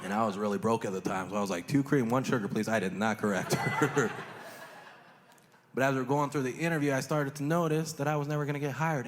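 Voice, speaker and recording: A man doing a live stand-up routine, telling crude, self-mocking stories in punchy bursts. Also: a little high. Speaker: stand-up comedian. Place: live comedy stage. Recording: long reverb hall with steady noise.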